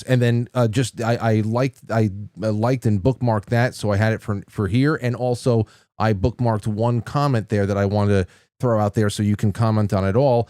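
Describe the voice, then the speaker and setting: A man hosting a podcast, asking questions in a halting way with frequent restarts and repeated words. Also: medium pitch, fairly even intonation, a little mellow, dry recording, clean studio sound. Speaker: podcast host. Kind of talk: casual interview questions.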